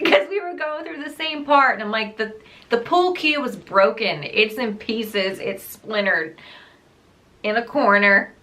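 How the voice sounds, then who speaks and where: Slow-talking woman with a bright voice. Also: on the high side. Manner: exasperated, emphatic, often laughing. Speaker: book reviewer. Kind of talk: casual ranting book wrap-up.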